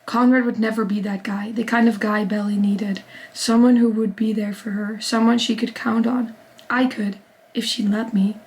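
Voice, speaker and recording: Young woman, fairly high voice, book vlogger reading aloud with excited asides. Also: normal speed, rough recording. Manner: reads in a steady first-person narration, bursting into excited reactions. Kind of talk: reading a novel aloud with reactions.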